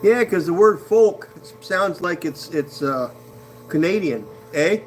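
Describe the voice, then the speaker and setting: A man chats on a live stream in a relaxed, unhurried way, his voice riding high with lots of lively rise and fall. He laughs often and keeps things easygoing and friendly. A faint hum sits underneath. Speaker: potter hosting a live stream. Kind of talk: casual live-stream chat with viewers.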